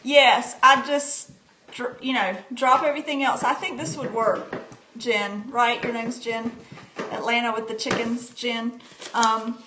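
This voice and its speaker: Mom doing a casual home live stream, high voice, lots of um and like, roomy echo. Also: female voice, steady tone, measured pace, pushed and bright. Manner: chatty, answers viewer comments, frequent fillers and restarts. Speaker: homeschooling parent demonstrating a reading book. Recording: echoey room with faint background noise.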